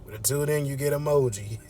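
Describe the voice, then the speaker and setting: A man's voice: medium pitch, a little hiss or hum. A man casually recapping a movie from his car, laid-back and slangy with frequent chuckles.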